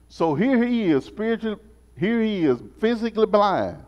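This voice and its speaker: Animated preacher in a church. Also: male voice, high-pitched, normal speed. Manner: animated, call-and-response preaching, repeats phrases. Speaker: Sunday school teacher. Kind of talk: preached Sunday school lesson. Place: church sanctuary. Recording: muffled sound in a reverberant church.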